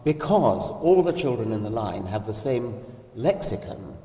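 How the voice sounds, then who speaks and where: An older man interviewing, explaining ideas in a measured, precise way with slight hesitations. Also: lowish voice, big pitch swings, warm tone. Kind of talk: conversational interview. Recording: distant mic, echoey hall with long reverb.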